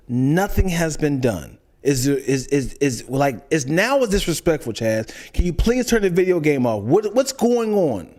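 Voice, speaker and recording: A man co-hosting a podcast, telling animated stories in casual chat, laughing and swearing. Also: fairly high pitch, a little slow, few pauses. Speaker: podcast co-host.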